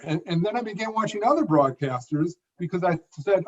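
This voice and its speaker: Higher-voiced man around sixty, emphatic. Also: expressive, a little fast, hardly any pauses, darkish tone. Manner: phrased, emphatic delivery with occasional repeated words. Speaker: interview guest, professional speaker. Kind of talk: conversational interview. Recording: dull lo-fi audio.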